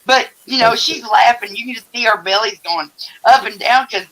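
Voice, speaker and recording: Blunt, bright-voiced older man. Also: very high-pitched, normal speed, low-quality recording. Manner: blunt, profane storytelling with laughter. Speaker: livestream host. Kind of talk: casual chat. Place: home.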